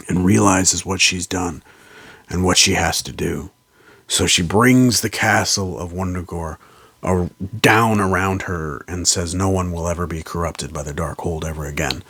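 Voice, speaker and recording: A man's voice: deep voice, dry recording. Rambling male movie reviewer, dry sound. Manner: rambling, fillers and restarts, slips into quoted lines. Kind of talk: casual spoiler recap of a film.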